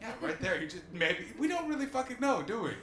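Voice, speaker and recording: A man's voice: high voice, sing-song, quick pace, echoey room, a crowd in the background. A man in his twenties from Canada hosting a live comedy podcast, riffing profanely on audience members. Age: 20s. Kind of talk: live stand-up podcast banter.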